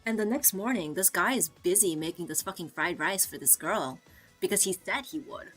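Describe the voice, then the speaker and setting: A woman's voice: medium pitch, animated, normal speed, fairly bright tone, slightly rough, soft background music. A woman streamer telling a story in casual chat, swearing freely, filling her speech with "like," and mimicking the people she quotes. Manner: chatty, swears freely, fills with "like". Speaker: VTuber streamer.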